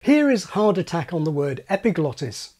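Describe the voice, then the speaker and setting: A man's voice: fairly high pitch, very animated, normal speed, a little mellow. A man hosting an educational video, explaining speech with wry asides. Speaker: channel host explaining speech.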